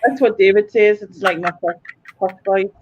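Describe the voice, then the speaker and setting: A woman hosting a casual chat with friends, chatty and quick to laugh. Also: medium pitch, muffled recording, a little hiss or hum. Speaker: channel host.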